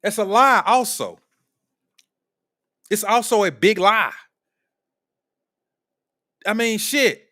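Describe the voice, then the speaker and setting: A man's voice: sits high, lively intonation, slow, pauses often, bright, forceful tone. A man hosting a live political commentary stream, talking in a blunt, profane, combative way. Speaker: streamer host.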